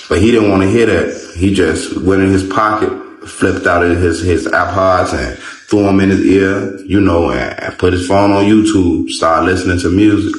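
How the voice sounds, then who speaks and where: A man's voice: low voice, steady tone, moderate pace. A man casually telling a story in a rambling way, full of fillers. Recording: roomy echo.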